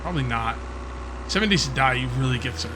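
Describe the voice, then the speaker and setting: A man's voice: medium pitch, expressive, fast talker, background noise. A man from Central New Jersey with a New Jersey accent, chatting casually as he plays a game, thinking aloud with restarts and fillers. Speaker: gaming channel host. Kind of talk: casual let's-play commentary.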